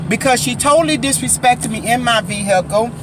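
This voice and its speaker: A woman's voice: a little high, a little fast, noisy background. A woman vlogger telling a story-time account into her phone, emphatic and talking straight to viewers as "guys.". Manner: emphatic, keeps addressing viewers as guys and asking their opinion. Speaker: vlogger and faith prophetess.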